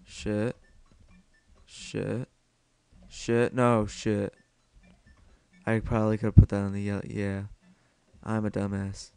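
A man's voice: fairly low pitch, monotone, takes it slowly, gravelly, pauses often, dark tone, clear, resonant tone, no room sound. A young man giving casual solo gameplay commentary, self-mocking and swearing a lot as he mutters to himself.

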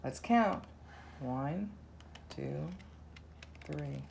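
A woman with a lowish voice reads a children's counting book aloud at an unhurried, gentle pace. She counts softly, and a faint hiss sits in the background. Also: expressive, vocal fry. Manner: slow, soft counting. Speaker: narrator.

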